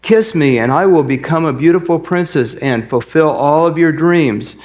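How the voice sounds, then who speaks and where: An insistent female frog begs to be kissed, voiced by a man telling a joke from the pulpit. Her voice sits higher than the teller's own and she presses her offer again and again. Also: moderate pace, a little mellow, dull audio, close to an everyday voice. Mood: coaxing. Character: pleading female talking frog, eager to be kissed.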